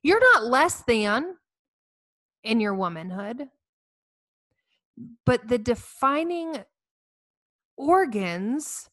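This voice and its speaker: A woman, giving a heartfelt inspirational talk to women, telling stories with earnest warmth and self-mocking humor. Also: a little high, sing-song, drawn-out words, pauses often, no echo. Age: 40s. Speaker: speaker addressing women facing infertility.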